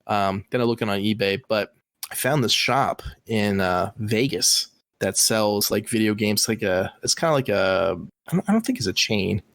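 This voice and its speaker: A man's voice: on the low side, normal speed, fairly bright tone, dry recording. A man co-hosting a podcast in casual, rambling chat with lots of fillers. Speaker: podcast co-host. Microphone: online call recording.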